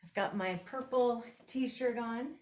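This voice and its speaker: A woman's voice: a little high, slow, darkish tone. A woman vlogger chatting casually and enthusiastically through a thrift haul and try-on, laughing often.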